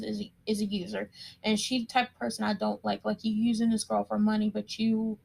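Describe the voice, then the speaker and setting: A woman's voice: fairly high pitch, vocal fry, a little mellow. A woman giving a casual, opinionated recap of a TV episode, chatty and emphatic, repeating words for stress. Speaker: TV show recap commentator.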